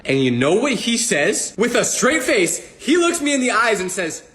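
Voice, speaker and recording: A young man telling a comic story from his school days with animated, punchline-driven delivery. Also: high voice, fairly quick, hardly any pauses. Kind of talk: storytime comedy monologue.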